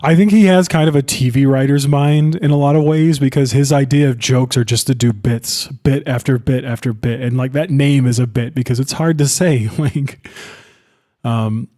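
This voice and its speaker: A man's voice: medium pitch, moderate pace, dark tone. A young man co-hosting a podcast, chatting loosely about a film and swearing often. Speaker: podcast co-host. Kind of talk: casual film discussion.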